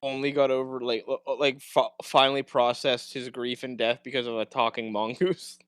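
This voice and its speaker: A podcast co-host in casual chat, teasing in a deadpan way. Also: medium pitch, normal speed, smooth, no room sound.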